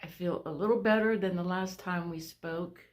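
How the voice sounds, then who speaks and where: A woman vlogging a personal update to her viewers on a phone camera. She is short of breath, halting, and restarts often. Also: on the low side. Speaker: vlogger sharing a health update. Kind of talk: casual talk to camera.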